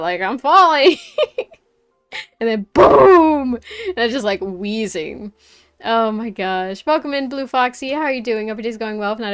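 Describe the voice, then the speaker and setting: A woman streamer telling a story in casual chat, animated, laughing often and full of fillers. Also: mid-range voice, smooth.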